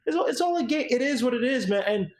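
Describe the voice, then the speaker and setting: A man's voice: very high voice, expressive, quick pace, echoey room. A man co-hosting a podcast, ranting in an emphatic, repetitive, slangy way during casual opinion chat. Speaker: podcast co-host.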